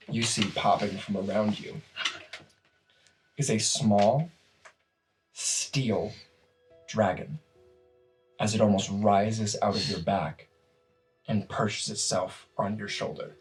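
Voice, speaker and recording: A man narrating a tabletop game as game master, slow and relaxed with frequent fillers. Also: fairly low pitch, faint music behind, poor audio.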